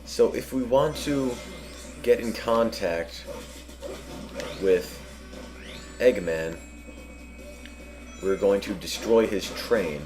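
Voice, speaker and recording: A man with a deep, low voice plays through a game on a marathon stream. He rambles between dry, self-mocking jokes, with faint game music under his talk. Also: extremely slow, long pauses. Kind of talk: let's play commentary.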